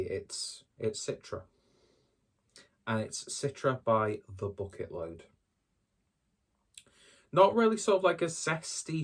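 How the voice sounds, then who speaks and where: A man doing a casual solo beer review, talking in a rambling, hesitant and self-deprecating way. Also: mid-range voice.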